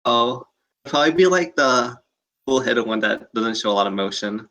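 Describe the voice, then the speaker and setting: Blunt young man, bright voice. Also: medium pitch, moderate pace. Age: young adult. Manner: blunt, flat-spoken, short answers. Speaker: student club officer. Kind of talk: casual chat.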